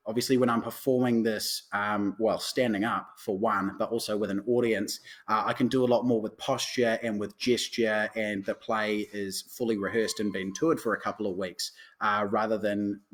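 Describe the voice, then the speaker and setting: A man's voice: on the low side, fairly bright tone. A male actor chatting casually on a live stream from home, answering viewers' questions with frequent fillers.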